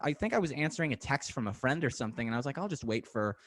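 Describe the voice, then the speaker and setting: A man's voice: mid-range voice, expressive, very fast, fairly bright tone. A man hosting a podcast interview, telling stories in an eager, chatty way. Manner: enthusiastic, chatty storyteller. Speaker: podcast host. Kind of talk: casual interview chat.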